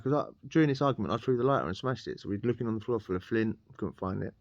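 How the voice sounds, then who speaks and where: Bloke, rambling anecdote with frequent laughs, dry, muffled lo-fi sound. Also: male voice, mid-range voice, fast talker, no room sound. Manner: rambling, laughs often, slangy. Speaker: podcast guest telling a prison story. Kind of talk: casual storytelling.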